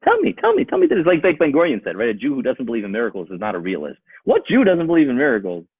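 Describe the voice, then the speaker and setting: A man speaks as a rabbi, his voice climbing and falling in wide swings as he drives each point home with rhetorical questions and repeated phrases. His tone is husky and dry, with no room sound around it. The sound is thin and narrow, like a phone line. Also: mid-range voice, wildly swooping pitch, very fast, dry recording. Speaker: rabbi giving a talk. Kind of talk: impassioned talk to a live audience.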